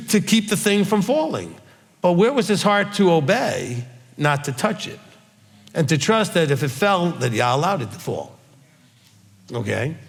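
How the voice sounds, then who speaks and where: A man's voice: a little high, vocal fry. A man, teaching as a rabbi in a folksy sermon style, often checking in with "okay?". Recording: long hall reverb.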